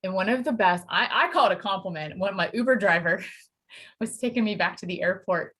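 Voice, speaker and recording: A woman from Pennsylvania, a Spanish teacher, chatting as a podcast guest and telling lively stories with quoted voices. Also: medium pitch, a little fast, slightly rough. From Pennsylvania, USA. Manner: animated storytelling with acted quotes and laughter. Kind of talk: casual interview chat.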